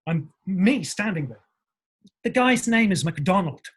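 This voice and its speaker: Male actor from england, husky voice, animated storytelling, acts out voices, swears. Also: high voice, a little slow. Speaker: actor guest.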